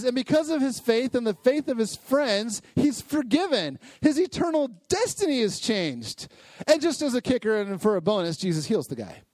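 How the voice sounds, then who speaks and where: A man teaching a youth Bible lesson, energetic and asking the group lots of questions. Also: high voice, no room sound. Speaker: youth pastor.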